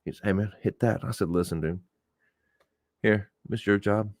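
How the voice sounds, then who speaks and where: A man from Oklahoma hosting a show, telling his own stories in a loose, profane way and jumping up in pitch when he acts out what people said. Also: normal speed, no echo, clean studio sound. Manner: animated, profane, acts out quoted voices with big pitch jumps. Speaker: podcast host. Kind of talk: casual storytelling to a live audience.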